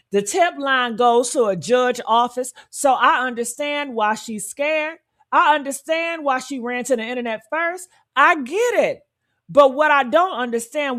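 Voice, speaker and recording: A woman hosting true-crime commentary in a sassy, emphatic style, repeating her points and calling her viewers honey and y'all. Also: fairly high pitch. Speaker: commentary channel host.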